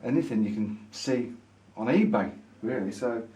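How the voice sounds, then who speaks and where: A man's voice: mid-range voice, expressive, normal speed, dark tone. A man vlogging, chatting enthusiastically to camera in a pipe maker's showroom. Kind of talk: casual showroom chat to camera.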